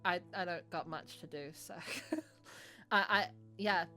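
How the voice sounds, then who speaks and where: A woman's voice: lowish voice, slow pace, sharp tone, soft background music. A woman streamer chatting casually over gameplay, hesitant and trailing off.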